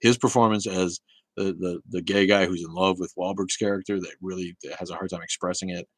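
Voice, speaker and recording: A man hosting a casual live talk show, rambling and swearing, with many halting restarts as he answers viewer chat. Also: low-pitched, steady tone, no room sound, rough recording.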